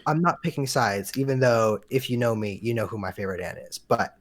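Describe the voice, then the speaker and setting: A man's voice: mid-range voice, lively intonation, fairly quick. A young man co-hosting a podcast, telling rambling family stories in casual chat and chuckling now and then. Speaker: podcast co-host.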